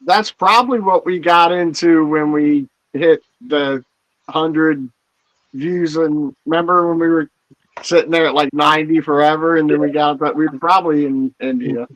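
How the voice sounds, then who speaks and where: A man's voice: fairly high pitch, fairly even intonation, moderate pace, fairly bright tone, no echo, low-quality recording. A man co-hosting a podcast, arguing his points in casual chat. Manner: argumentative, repeats himself. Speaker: podcast co-host.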